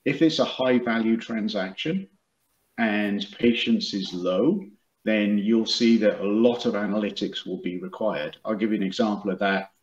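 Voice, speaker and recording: Over a video call, a male company executive in product and marketing talks through his business as an interview guest, stumbling with fillers and restarts. He speaks at a normal speed in a fairly low pitch, captured in an echoey room with dull lo-fi audio.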